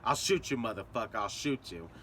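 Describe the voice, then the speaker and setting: A man voicing an angry, foul-mouthed male hotel guest who shouts threats. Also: lowish voice, expressive, brisk, a little hiss or hum. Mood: furious. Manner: cussing, shouting.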